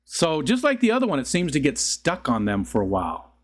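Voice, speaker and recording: Streamer, middle-aged man, rambly and laughing, fairly high, bouncy voice. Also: huge pitch swings, a little fast. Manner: rambling, chuckling, talks to chat. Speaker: livestream host. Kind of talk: casual live-stream chat.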